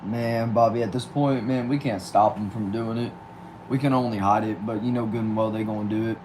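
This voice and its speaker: A man's voice: on the low side, steady tone, brisk, noisy background. A young man from Texas, hosting a casual livestream and answering viewer comments aloud. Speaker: livestream host.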